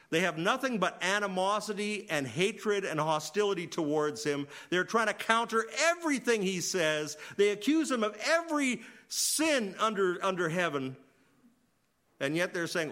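A man preaching a sermon as pastor, swinging between loud emphasis and quiet asides. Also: high-pitched, very animated, normal speed.

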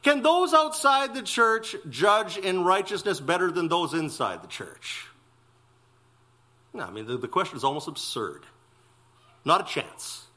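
A man preaching an expository sermon in a church, emphatic and exclamatory, stressing phrases slowly. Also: sits high, big pitch swings, bright, forceful tone. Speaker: pastor.

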